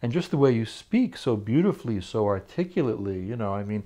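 A woman with an exceptionally deep voice hosts an interview. She gushes praise at her guest and fills each pause with warm little sounds of agreement. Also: sing-song. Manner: effusive, encouraging backchannels. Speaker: talk show host.

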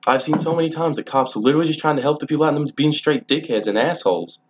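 A man's voice: on the high side, racing, muffled recording, slight background noise. A young man telling stories casually to camera, rambling and swearing freely with many restarts. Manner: rambling, profane, frequent restarts. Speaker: vlogger.

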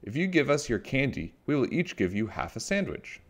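A man voicing an excited, eager little schoolgirl in a storybook read-aloud. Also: mid-range voice, brisk, pitched above the performer's own voice.

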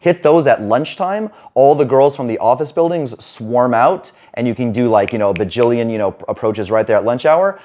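A man working as a dating coach, talking fast and rambling in a casual monologue to camera, with some swearing. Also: medium pitch, animated, mellow. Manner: rapid, rambling, casual with profanity.

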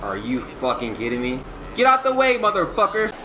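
Loud, profane young man raging at a game. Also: on the high side, huge pitch swings, fairly quick. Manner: loud, profane, swings between yelling and muttering. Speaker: gaming streamer. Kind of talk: raging gameplay commentary. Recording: game crowd noise behind.

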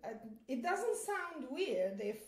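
A woman's voice: sits high, big pitch swings, slow pace, reverberant. A woman from Italy with an Italian accent, chatting casually and laughing, often quoting others in put-on voices. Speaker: comedian guest. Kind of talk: casual chat.

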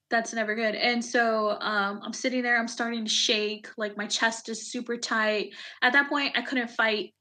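A woman in her thirties, an Army veteran, telling a personal story in an interview in a halting, emotional way, full of fillers and restarts. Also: fairly high pitch, fairly even intonation, pushed and bright.

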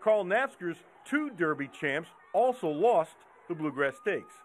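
A man's voice: on the high side, sing-song, measured pace. A man reporting a news feature, telling the story in a friendly storytelling manner. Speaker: sports reporter.

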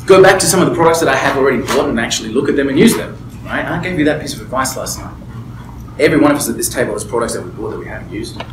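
A man's voice: medium pitch, lively intonation, rapid-fire, roomy sound, background noise. A man mentoring a small group, talking emphatically and candidly and often checking in with "right?". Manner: candid personal storytelling. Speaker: business mentor. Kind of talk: motivational talk to a small group. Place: room with a table and a small group.

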